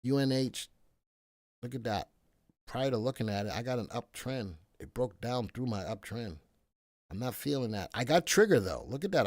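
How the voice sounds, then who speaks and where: A man hosting a live stock analysis stream, animated, thinking aloud and repeating his own phrases. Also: mid-range voice, no echo, clean studio sound. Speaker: stock market show host.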